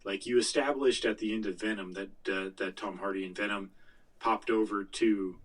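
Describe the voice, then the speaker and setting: Guy ranting about a movie on a podcast, lowish voice, kinda far from the mic. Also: steady tone, normal speed. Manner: rambling, blunt, frequent restarts. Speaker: podcast co-host. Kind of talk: casual movie review chat.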